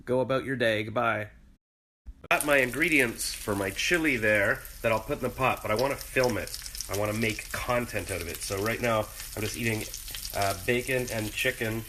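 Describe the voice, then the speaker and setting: A man's voice: fairly low pitch, moderate pace, pushed and bright, a little hiss or hum. A man vlogging casually from his home, rambling and joking in a self-deprecating way. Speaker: vlogger and voice actor. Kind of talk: casual vlog.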